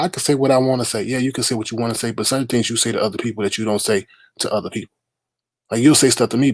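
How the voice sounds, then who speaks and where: Blunt profane livestream host, dry sound. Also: male voice, medium pitch, dry recording. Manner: blunt, profane, calling people out. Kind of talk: casual livestream rant.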